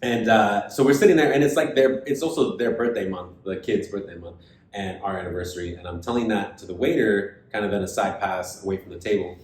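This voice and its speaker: A man co-hosting a podcast, retelling a story in casual chat and acting out the other people's lines. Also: fairly quick. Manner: animated retelling, acts out quoted voices. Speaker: podcast co-host. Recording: echoey room with faint rumble.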